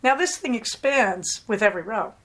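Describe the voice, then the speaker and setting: Speaking at normal speed in a fairly high voice, a female podcast host shares a story as a casual monologue. She laughs frequently, keeps things animated, and mimics the voices of people in the story.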